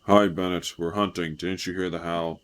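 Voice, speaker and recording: A man voicing a gruff adult male orc hunter who gives blunt, stern warnings. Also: sits low, level tone, moderate pace, pitched below the performer's own voice, natural voice.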